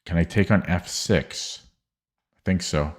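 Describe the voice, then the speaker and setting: A man with a very low voice talks to himself while working through chess puzzles. He mutters and hesitates, restarting his sentences and trailing off as he calculates, close to a desk mic. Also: unhurried. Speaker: streamer. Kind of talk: thinking aloud while solving chess puzzles.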